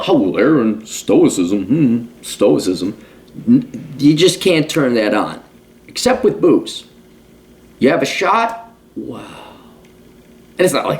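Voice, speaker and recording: A man's voice: mid-range voice, big pitch swings, measured pace, darkish tone. A man in his forties in a casual monologue as a podcast host, blunt and profane, ranting. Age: 40s.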